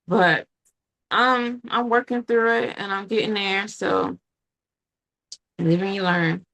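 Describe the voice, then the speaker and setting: A woman hosting a casual podcast conversation, talking earnestly and reflectively in quick bursts. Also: mid-range voice, a bit bright. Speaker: podcast host.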